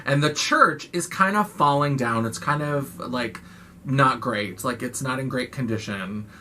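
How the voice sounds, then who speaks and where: A woman's voice: extremely low pitch, a little slow, sharp tone, a little hiss or hum. A woman casually recapping a horror film in a chatty, profane way, full of "like". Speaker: film review vlogger.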